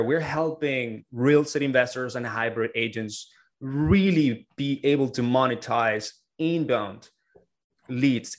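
A man as a podcast guest, explaining in an earnest, casual way. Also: medium pitch. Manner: earnest, explains with many fillers and restarts. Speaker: podcast guest, agency owner. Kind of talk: casual interview talk.

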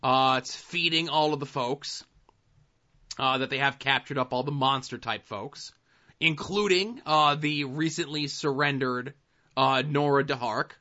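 A man's voice: medium pitch, measured pace, sharp tone, highs cut off. A man co-hosting a casual podcast, recapping TV episodes in a laid-back, dry way with plenty of fillers. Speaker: podcast co-host.

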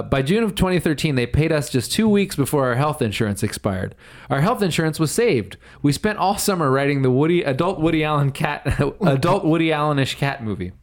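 A man hosting a casual chat, rambling with many fillers and reading a blog excerpt aloud. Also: fairly high pitch. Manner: rambling, lots of fillers, laughs often.

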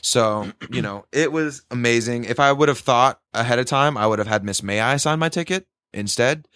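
An excitable young man chats casually, swearing often and jumping into loud outbursts as he tells his story. His voice sits mid-pitch. The sound is dry and close, with no room echo. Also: moderate pace, clean tone. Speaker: concertgoer telling a story. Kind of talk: casual chat.

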